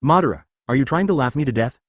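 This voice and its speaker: A man's voice: mid-range voice, lively intonation, fast, dry recording, lightly acted. Jolly talkative ninja boss ghost read by a man, teasing, synthetic storybook voice, dry. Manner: laughs loudly and teases. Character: cheerful talkative male ninja leader ghost.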